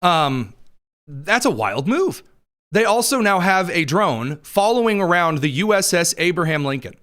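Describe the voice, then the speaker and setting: A man's voice: high voice, sing-song, fairly bright tone. Wry, joking male news host. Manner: wry, quick asides, laughs at own jokes. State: dry throat. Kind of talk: sarcastic political news commentary.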